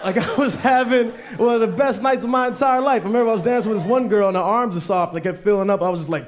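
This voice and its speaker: A man's voice: extremely high pitch, quick pace, a little hiss or hum. A man doing a stand-up comedy set, telling loose stories with lots of swearing and acted-out voices of friends. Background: audience laughter.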